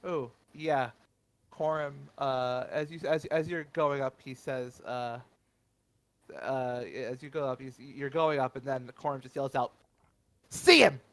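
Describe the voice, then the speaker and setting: Man running a tabletop game, halting. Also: medium pitch, steady tone, dry recording. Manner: hesitant, many fillers and restarts. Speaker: game master.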